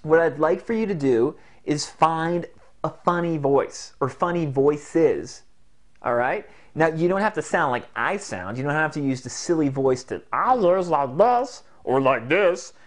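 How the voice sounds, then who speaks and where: A man giving an instructional talk in a jokey, animated way, now and then slipping into demo voices. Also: a little high, measured pace. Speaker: self-help instructor.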